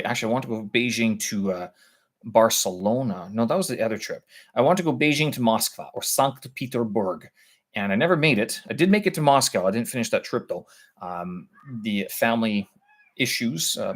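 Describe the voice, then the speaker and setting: A middle-aged English-speaking man hosting a casual live language-practice stream, thinking aloud with many fillers and restarts as he tries Russian words. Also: fairly low pitch. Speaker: vlog host practicing Russian.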